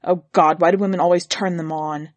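A woman's voice: on the low side, steady tone, a little fast, no echo, natural voice. A woman putting on a sour, scornful husband. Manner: gloomy, scornful, complaining. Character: grumbling middle-aged husband, sour and contemptuous.

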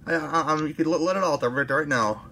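A man's voice: on the high side, fast, pushed and bright, a little hiss or hum. A man hosting a casual podcast interview, rambling and hesitant with many fillers. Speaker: podcast host.

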